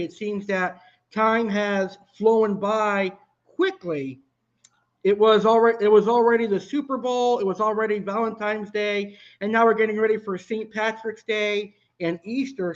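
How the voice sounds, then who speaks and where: Chatty high-voiced man hosting a cooking stream. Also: muffled recording. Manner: chatty, answers viewer comments. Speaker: live cooking show host. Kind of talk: casual live-stream chat.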